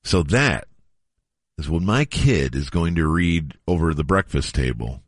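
A man's voice: a bass voice, lively intonation, unhurried, no echo, studio quality. A middle-aged man hosting a casual radio show, reading an old news story aloud with playful drama.

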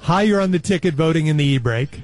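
Brisk male radio host taking calls. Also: on the high side, expressive, noisy background. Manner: brisk, amused. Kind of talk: morning radio call-in show.

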